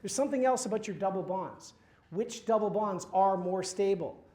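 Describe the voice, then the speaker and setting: A man's voice: sits high, moderate pace, darkish tone. A man giving a university chemistry lecture, quizzing his students with questions and dropping wry asides. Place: lecture hall. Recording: roomy lecture hall echo.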